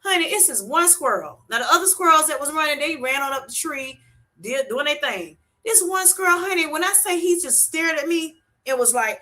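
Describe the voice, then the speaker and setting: A woman hosting a casual livestream, reading viewers' comments aloud and telling animated stories with plenty of laughter and endearments like "honey" and "sweetheart". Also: high voice, brisk. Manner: animated storytelling, laughs often; uses Southern-style endearments like honey and sweetheart. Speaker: livestream host reading chat.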